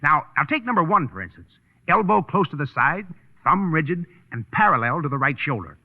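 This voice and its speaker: An actor playing a brash, wisecracking newspaperman in a 1930s radio drama, gruff and impatient. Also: on the high side, lively intonation, brisk. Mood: boastful. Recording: tinny old radio broadcast with reverb.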